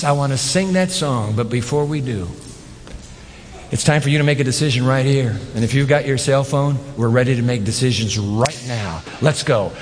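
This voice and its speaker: A man preaching a sermon as pastor, animated, with rhetorical questions and emphatic repetition. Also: medium pitch, moderate pace, long reverb tail, slight background noise.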